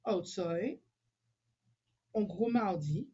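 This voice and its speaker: A woman's voice: mid-range voice, takes it slowly, mellow, breathy edge, muffled recording. A woman in casual conversation, emphatic and opinionated, switching between English and French mid-sentence. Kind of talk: casual chat.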